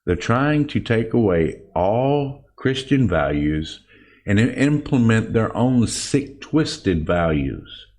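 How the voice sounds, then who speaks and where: A man's voice: mid-range voice, darkish tone. A man hosting a podcast, delivering an indignant, emphatic political commentary monologue with frequent restarts and direct asides to his listeners. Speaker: podcast host.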